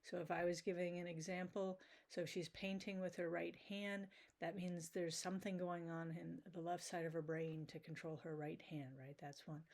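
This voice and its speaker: Woman teacher talking thru slides, kinda low voice, says "right?" a lot. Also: little pitch movement, normal speed, few pauses, darkish tone. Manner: casual, checks in with frequent "right?". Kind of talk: recorded video lecture.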